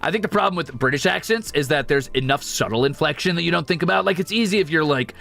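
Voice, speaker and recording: A man streaming casually, chatting with his viewers with quick asides and swearing. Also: a little high, expressive, creaky, a bit bright, faint music behind. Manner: casual, quick asides and profanity, shows off vocal range. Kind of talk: casual chat with chat readers.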